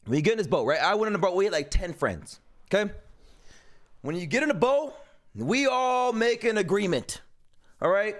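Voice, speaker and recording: A man hosting a live stream, commenting loudly and emphatically, with frequent swearing. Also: high voice, very animated, moderate pace, pauses often. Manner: loud, emphatic, swearing, interrupting. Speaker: streamer host.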